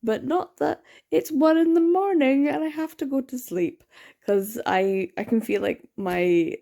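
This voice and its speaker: A woman's voice: sits high, unhurried, vocal fry. Sleepy, gushing woman book vlogger. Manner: gushing and excitable, frequent laughs and gasps. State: sleepy, words slurring. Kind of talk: casual reading vlog.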